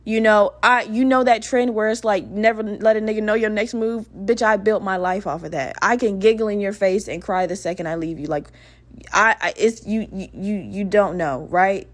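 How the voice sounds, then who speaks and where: A woman's voice: mid-range voice, normal speed. Candid, profane young woman storyteller. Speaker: podcast host. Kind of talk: casual storytelling monologue.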